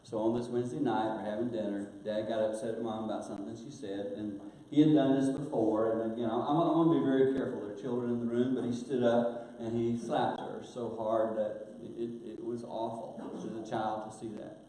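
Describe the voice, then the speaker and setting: A man's voice: medium pitch, fairly even intonation, brisk, few pauses. Older man preaching in an echoey church. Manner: earnest, drops to hushed tones at painful moments. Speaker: guest speaker. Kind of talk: sermon storytelling. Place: church auditorium. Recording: very echoey church hall, faint hiss.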